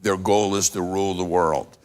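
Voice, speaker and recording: A man's voice: deep voice, steady tone, moderate pace, a little mellow. A man, a pastor hosting a talk show, who often breaks in with short affirmations. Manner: frequent affirming interjections. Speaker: pastor and host.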